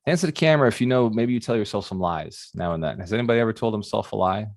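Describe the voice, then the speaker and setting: A man giving a motivational talk as a real estate mentor, animated and often asking his audience questions. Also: on the low side, very fast, gravelly, no echo, studio quality.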